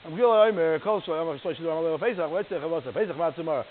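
A man giving a Torah class in an animated, fast yeshiva cadence, his talk full of Hebrew terms. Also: a little high. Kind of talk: Torah lecture. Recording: tinny phone-like line with hiss.

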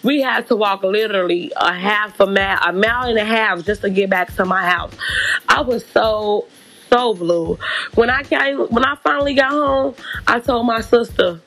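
A woman telling a personal story in a casual, animated and profane storytime monologue. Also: mid-range voice, moderate pace, soft background music. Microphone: podcast mic.

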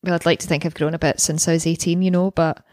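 A woman's voice: low voice, flat delivery, quick pace, a little mellow, dry recording, clean studio sound. A young woman co-hosting a podcast, chatting casually about a TV episode, swearing freely and acting out lines. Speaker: podcast co-host. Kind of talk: casual chat recapping a TV episode.

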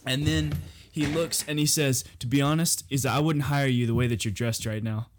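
A man's voice: medium pitch, moderate pace, faint music behind. A young man co-hosting a podcast, telling a story about a bad boss and acting out the quotes. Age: young adult. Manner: animated, acts out quotes, laughs. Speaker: podcast co-host. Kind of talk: casual storytelling.

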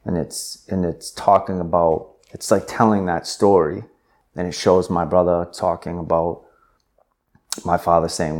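A young adult man, an interview guest, telling a personal story in an animated way with many filler words. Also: low voice, measured pace. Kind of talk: conversational storytelling.

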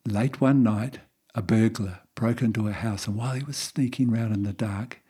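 A man hosting a podcast, explaining and telling jokes in a relaxed manner. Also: lowish voice, normal speed. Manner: relaxed storytelling, gravelly. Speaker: podcast host. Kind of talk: podcast monologue.

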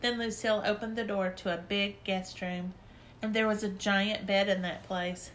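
Bright, lively woman reading a storybook. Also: mid-range voice, normal speed, slight background noise. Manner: lively, expressive child-like narration. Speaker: audiobook narrator.

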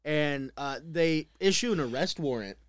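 A man's voice: on the high side, moderate pace, clear, resonant tone, dry recording, studio quality. Young man telling a story, laughing. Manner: laughs often, filler-heavy, relaxed storytelling. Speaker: podcast co-host, storyteller. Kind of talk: casual chat, recounting a true crime story.

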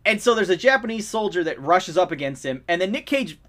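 A man's voice: high voice, sing-song, brisk, fairly bright tone. A man in casual podcast chat, rambling and laughing as he retells movie scenes.

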